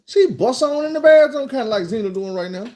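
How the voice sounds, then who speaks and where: A man with a Southern American accent telling a casual, profane storytime monologue in an animated, conversational way. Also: very high voice, fast. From Arkansas, USA.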